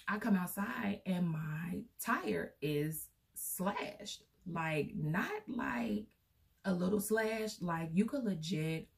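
A woman's voice: fairly low pitch, takes it slowly, creaky. A young woman vlogger telling a personal story in a casual, rambling way, full of fillers, recorded from a distance.

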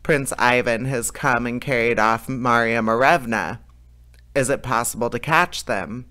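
A man reading as a loyal talking steed in a storybook, answering in measured, steady phrases. His voice is bright and smooth. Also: mid-range voice.

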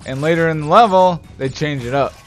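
His voice sits on the high side and moves briskly as he gives lively, joking commentary on his gameplay. The let's play gamer swears and flares into pretend anger while game music plays in the background.

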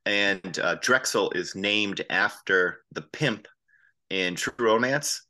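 A man guest in a casual interview, telling animated anecdotes and acting out the voices of people he quotes. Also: on the low side, takes it slowly. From Boston area. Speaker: band frontman as guest.

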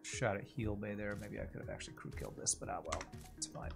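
A man's voice: on the low side, quick pace, vocal fry, music in the background. A man streaming a video game, chatting casually and thinking aloud with jokes and tangents. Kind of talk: casual gameplay commentary.

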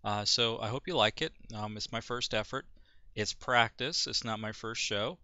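Brief: low, bright man hosting a game vlog, hesitant. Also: normal speed, dry recording, dull audio. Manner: hesitant, many ums and restarts. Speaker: beginner YouTuber.

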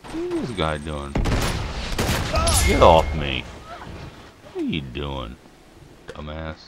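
Deep-voiced guy doing game commentary, swings all over in pitch, loud gunfire behind him, sleepy and cussing. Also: wildly swooping pitch, slow, background noise. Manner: swears and trash-talks at other players, laughs often. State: just woken up, throat a bit choked. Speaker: gameplay commentator. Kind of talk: casual live game commentary.

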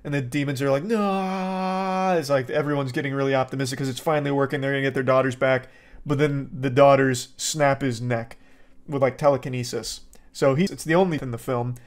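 A man's voice: medium pitch, flat delivery, fast talker. A man hosting a movie review, talking sarcastically and rambling with many fillers. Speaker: host.

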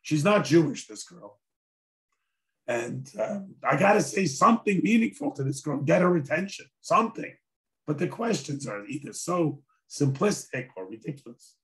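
A hoarse man who is a rabbi lectures in a relaxed, conversational way, slipping in dry jokes as he tells a story. His voice sits a little high for a man. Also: moderate pace. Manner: conversational and wry, with dry humor. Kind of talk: sermon-style lecture with storytelling.

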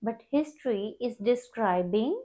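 Mellow-voiced woman teaching grammar. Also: fairly high pitch, animated, unhurried. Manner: explains step by step, repeats words. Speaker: English teacher. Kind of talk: grammar lesson.

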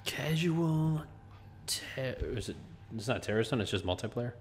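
A man's voice: medium pitch, animated, normal speed, slight background noise. A man hosting a casual gaming chat, joking, laughing and retelling funny stories while he plays. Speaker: gaming channel host.

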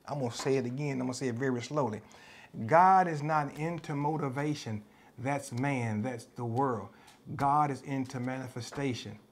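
With a slightly rough, mid-range voice, a Southern-accented American pastor gives a sermon. He's passionate and emphatic, returns to the same phrases again and again, and imitates the voices of those he quotes.

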